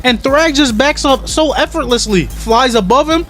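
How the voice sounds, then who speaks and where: A man hosting an animated, slangy episode recap, laughing often as he talks. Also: very high-pitched, moderate pace, loud music behind the voice. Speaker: channel host recapping an episode.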